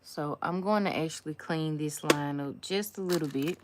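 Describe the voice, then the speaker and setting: A woman's voice: low voice, moderate pace, background noise. A woman doing a casual nail art tutorial, chatty and slangy, talking straight to her viewers and dropping to a near whisper while she concentrates on the work.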